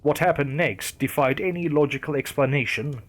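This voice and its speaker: A man's voice: on the high side, moderate pace. Man narrating a horror story.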